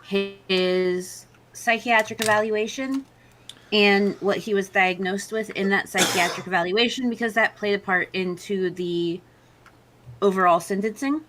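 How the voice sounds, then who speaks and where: A woman's voice: medium pitch, a little slow, noisy background. A woman hosting a podcast, talking in an earnest, outspoken way. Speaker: podcast host. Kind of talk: casual chat.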